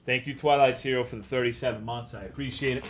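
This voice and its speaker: A man streaming a game, reading it aloud and adding wry, deadpan asides. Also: medium pitch, fast. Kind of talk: casual livestream commentary and reading aloud.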